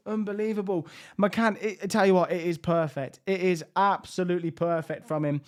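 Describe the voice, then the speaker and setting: A man commentating his own video game, swinging from hushed tension to loud excited outbursts. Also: sits high, fairly quick. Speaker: gaming YouTuber.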